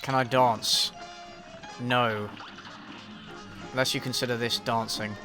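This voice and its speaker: A man's voice: medium pitch, level tone, takes it slowly, music in the background. An English man chatting casually on a live stream, answering viewers in a dry, self-deprecating, offhand way. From England. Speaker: YouTube reviewer streaming a game.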